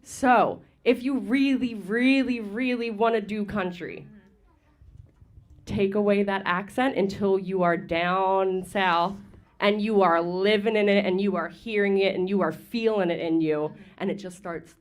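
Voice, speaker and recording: A woman's voice: mid-range voice, fairly even intonation, measured pace. A woman judging a singer, giving earnest, emphatic advice. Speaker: singing competition judge. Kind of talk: spoken critique.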